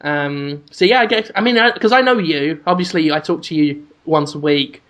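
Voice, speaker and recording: A man's voice: a little high, moderate pace, a bit bright. A man co-hosting a podcast in casual chat, full of crude, joking banter and frequent restarts. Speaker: podcast co-host.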